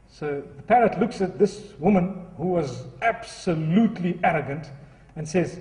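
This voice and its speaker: A man's voice: high-pitched, animated, normal speed, mellow, a little hiss or hum. A man preaching a sermon in an earnest, storytelling way. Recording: echoey hall from far off.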